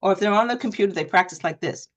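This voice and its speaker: An energetic woman coach teaches a live online class, asking the audience questions again and again. She acts out quotes with a higher, louder voice. The sound comes through a video call mic. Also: racing, lo-fi sound. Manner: energetic, talks straight to the audience with repeated questions. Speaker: presentation coach. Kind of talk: live online workshop talk.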